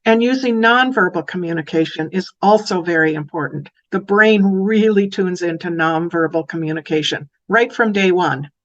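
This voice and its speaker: A woman speaking as an early childhood educator, giving an educational talk that turns animated when she acts out phrases to children. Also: on the low side, highs cut off.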